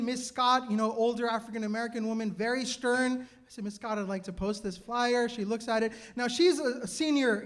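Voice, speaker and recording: High-voiced man telling a stage story. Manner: animated, self-mocking, quick asides with laughs. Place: cultural center stage before an audience.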